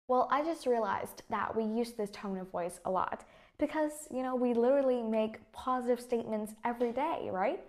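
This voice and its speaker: A woman's voice: medium pitch, a little mellow. Young woman teaching casually. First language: Vietnamese. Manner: chatty, explains with examples and asides. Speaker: English teacher. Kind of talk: casual English lesson.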